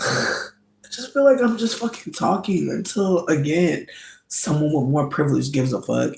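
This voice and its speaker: A vlogger on a candid rant, angry and swearing heavily, voice swinging from low muttering to high, strained outbursts. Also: vocal fry, a little mellow, echoey room, rough recording.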